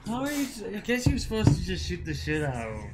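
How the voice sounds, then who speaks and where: A man in a casual gaming stream, talking a bit high and very lively, his pitch jumping all over the place. He shouts at the screen one moment and rambles with a giggle the next. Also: quick pace, a loud crowd. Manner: excitable, yells and curses at the game. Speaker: game streamer, co-host.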